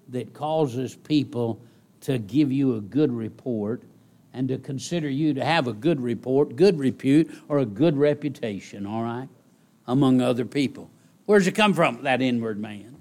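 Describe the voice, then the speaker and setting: A middle-aged man preaching with a voice of ordinary pitch for a man. He repeats key phrases and swings between loud, rising bursts and quiet, low asides. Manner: animated preaching with sudden loud rises and soft drops. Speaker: pastor. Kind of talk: sermon.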